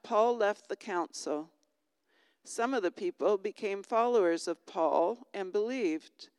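Slow, crystal-clear woman reading scripture. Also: lowish voice, no room sound, big-room sound. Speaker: scripture reader. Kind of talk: formal Bible reading.

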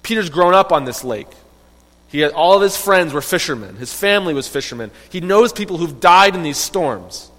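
A man with a high, light voice tells a Bible story to children, lively and conversational, often turning to ask his listeners questions. A long reverb trails his voice through a big room. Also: normal speed. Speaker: Bible teacher.

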